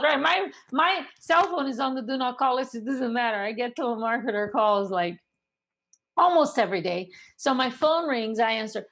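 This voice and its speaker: A woman with a fairly high voice coaches sales agents straight to the camera. She talks with energy and emphasis, and she keeps asking rhetorical questions. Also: expressive, moderate pace, gravelly, a bit bright. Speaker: real estate sales coach. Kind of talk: instructional talk to the camera.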